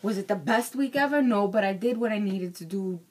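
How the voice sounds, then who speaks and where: Young woman, casual vlog rant, frank, swears freely, self-mocking, mid-pitched voice. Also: brisk. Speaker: vlogger.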